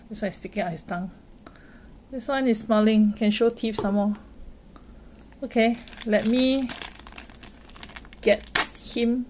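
A woman hosting a toy unboxing, gently narrating and reacting with delight to each figure as she unwraps it. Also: fairly high pitch, slight background noise. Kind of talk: unboxing narration, soft ASMR-like. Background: plastic crinkling and clicks from handling toys.

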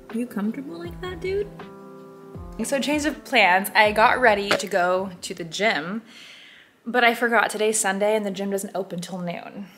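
A woman's voice: medium pitch, darkish tone. Young american woman rambling to her camera at home, chatty and self-deprecating, room echo, faint music under it. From United States. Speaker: lifestyle vlogger. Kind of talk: casual vlog chat. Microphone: camera on a tripod.

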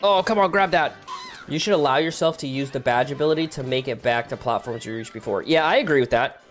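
A young man giving casual, excitable commentary while playing a multiplayer game with friends, yelping and laughing at his mistakes. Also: fast, soft background music. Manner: excitable, yelps high when frustrated, laughs often. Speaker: gaming YouTuber.

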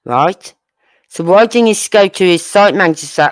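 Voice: mid-range voice, lively intonation, normal speed. A true crime channel host giving casual commentary, asking sarcastic rhetorical questions and using blunt, crude slang.

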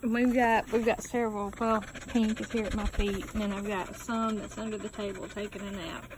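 A woman, narrating a home puppy video in an easy, slow way and coaxing the dogs. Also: level tone. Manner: slow, easy commentary, coaxing puppies in a high sing-song. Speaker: dog breeder filming puppies. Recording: noisy home video with panting dog nearby.

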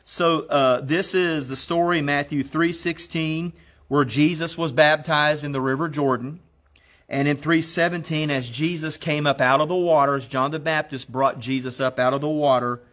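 A man preaching a sermon, quoting scripture in slow, emphatic phrases and leading listeners in spoken declarations. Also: fairly high pitch, fairly even intonation, fairly bright tone. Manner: exhorting, leads the congregation in spoken declarations.

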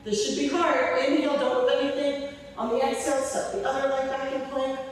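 Woman physical therapist, out of breath, counting reps, fairly high voice, echoey hall, far from the mic. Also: level tone, a little fast. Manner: encouraging, counts reps aloud, cues breathing. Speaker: physical therapist leading home exercises. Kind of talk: guided exercise class instruction.

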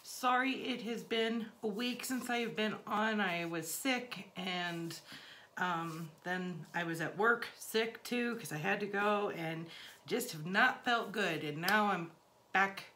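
A woman's voice: mid-range voice, slow pace, sharp tone, a little hiss or hum. A woman hosting a casual crafting vlog, unboxing gifts and repeating her thanks, still recovering from the flu. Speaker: crafting channel host.

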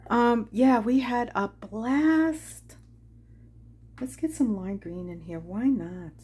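A woman's voice: a little high, animated, slow, darkish tone, slightly rough. A woman hosting a watercolor craft tutorial, chatting casually and laughing as she tells stories while she paints. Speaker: craft channel host.

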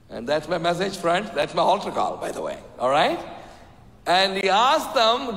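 A man's voice: a little high, big pitch swings, normal speed, gravelly, a bit bright. A man from India, preaching as a guest speaker and giving an altar call, often asking the crowd "Amen?". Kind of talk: sermon with altar call and prayer. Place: church sanctuary. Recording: echoey reverberant hall.

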